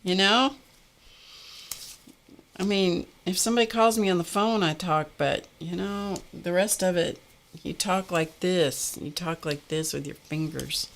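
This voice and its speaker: A woman's voice: fairly low pitch, measured pace. Chatty woman crafting on a live stream. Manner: chatty and animated, laughs often. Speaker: art livestream host. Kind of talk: casual live-stream chat while crafting.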